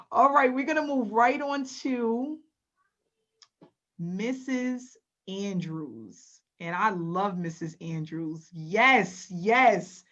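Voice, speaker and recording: A woman's voice: mid-range voice, expressive, slow, a bit bright. A woman hosting an online webinar, upbeat and encouraging with her audience. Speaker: webinar host. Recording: dull lo-fi webinar audio.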